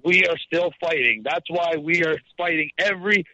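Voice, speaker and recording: A man's voice: a little high, normal speed, bright, forceful tone, no echo. A man from Canada ranting with passion as a guest on a talk radio interview, heard through dull lo-fi radio sound. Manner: impassioned, ranting.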